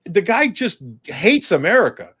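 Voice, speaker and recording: A man with a fairly high, very lively voice, speaking as a candidate in a political interview. He is combative and sarcastic, punching his points hard. His pitch rises and falls a great deal as he argues. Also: normal speed, husky. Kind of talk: impassioned political interview talk.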